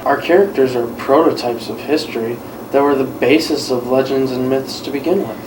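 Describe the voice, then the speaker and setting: A man's voice: mid-range voice, fairly quick, distant mic, natural voice. An actor playing an earnest, analytical young male gamer, heard in an echoey, noisy room from afar. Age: young adult.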